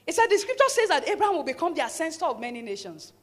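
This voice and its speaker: A woman pastor delivers a fervent church sermon in a very high voice. She urges the congregation to repeat lines back to her and often builds to shouted declarations. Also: very animated, very fast. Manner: fervent preaching with call-and-response, rising to shouts.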